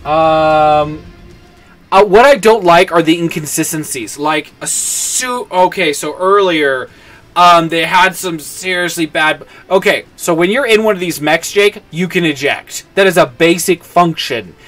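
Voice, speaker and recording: Guy streaming a game, rants a lot, subs in silly words for swears, slightly high voice. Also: measured pace, a bit bright, soft background music. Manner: ranting, swaps in mild words for swearing. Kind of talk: casual gameplay commentary.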